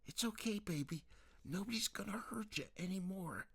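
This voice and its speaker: A man voicing a worried middle-aged mother who pleads softly and tenderly with her daughter. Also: mid-range voice, lively intonation, normal speed, vocal fry, breathy edge, pitched above the performer's own voice. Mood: tender pleading. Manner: soft, coaxing, close to tears.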